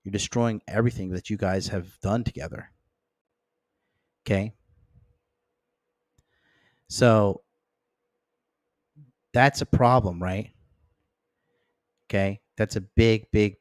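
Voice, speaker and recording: On his dating-advice livestream, the host speaks steadily and slowly with long pauses, bluntly swearing, checking the chat and putting on mocking higher voices for friends and exes. The studio-quality sound has no room ambience.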